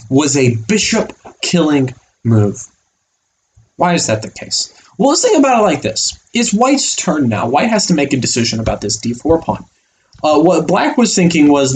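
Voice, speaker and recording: A man as a chess coach giving an online chess lesson, animated and playful, acting out the pieces as little characters. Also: fairly high pitch, measured pace, a little hiss or hum.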